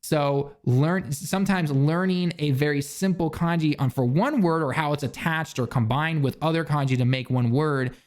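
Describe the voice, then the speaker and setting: A man's voice: a little high, moderate pace, few pauses, soft background music. A young man talking casually to camera, giving loose, rambling tips for beginners with lots of restarts and fillers. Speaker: language learning vlogger. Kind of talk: casual instructional talk. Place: living in Japan.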